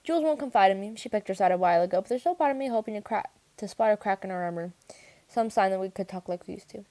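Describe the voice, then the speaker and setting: A woman reading a first-person young adult novel aloud, steady and clear, with the odd restart. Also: mid-range voice, fast. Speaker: audiobook reader. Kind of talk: first-person audiobook narration.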